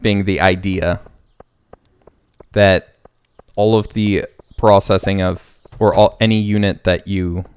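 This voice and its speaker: A man's voice: sits low, fairly even intonation, takes it slowly, pauses often, a little mellow, clean tone, dry recording. A man hosting a casual let's play, rambling and thinking aloud as he plays. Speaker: gaming channel host.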